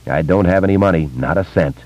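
A man's voice: sits low, quick pace, a little mellow, close to an everyday voice. A man voicing a shaken woman on the run from her husband, speaking hesitantly and nervously. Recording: dull lo-fi audiobook recording.

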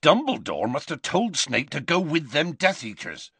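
A big, gruff, kind-hearted giant of a groundskeeper, as a male narrator puts him on, talking in rough country speech with dropped letters. His voice rises and falls in lively swings, and it sounds close and dry with no room around it. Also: on the high side, normal speed, no room sound, pitched above the performer's own voice, heavily acted. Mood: soothing. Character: gruff, kindly half-giant groundskeeper man.

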